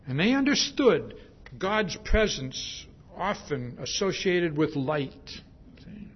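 A man's voice: fairly high pitch, very animated, takes it slowly, husky. A male preacher giving a sermon, emphatic and repetitive, stressing his points with a repeated "see?". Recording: dull lo-fi sermon recording.

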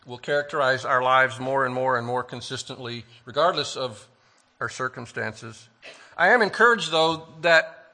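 Pastor, male, bright and slightly high, earnest emphatic sermon delivery. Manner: earnest, emphatic preaching with rhetorical questions; slows down to stress key phrases.

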